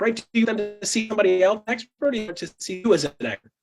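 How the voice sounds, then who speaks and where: A man coaching real estate agents in a fast, punchy teaching talk, acting out client dialogue and often adding a quick "okay?" or "right?". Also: high-pitched. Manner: fast and punchy, with frequent tag questions.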